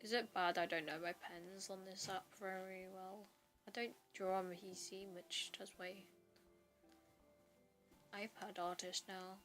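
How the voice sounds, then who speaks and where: Faint background music accompanies a young artist streamer who chats as she draws. She speaks at a measured pace in a medium-pitched, slightly bright but flat voice, rambling, interrupting herself and drifting off mid-thought.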